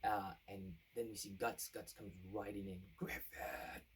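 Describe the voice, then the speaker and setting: A man's voice: on the low side, flat delivery, normal speed, distant mic, slight background noise, poor audio. A man casually recapping an anime plot as a reviewer, rambling and acting out the characters' lines. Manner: rambling, with many fillers and restarts, acting out quotes.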